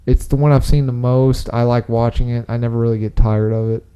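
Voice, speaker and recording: Young guy cohosting a chatty podcast, mellow voice, rambly and excited. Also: mid-range voice, a little fast, smooth. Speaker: podcast co-host. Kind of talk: casual chat.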